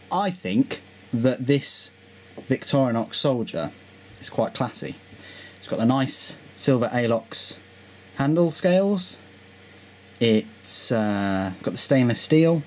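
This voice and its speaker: A man casually presenting his knife collection on camera, thinking aloud in a relaxed way. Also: medium pitch, slow, pauses often, slight background noise. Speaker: vlogger reviewing his knives. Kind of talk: casual show-and-tell.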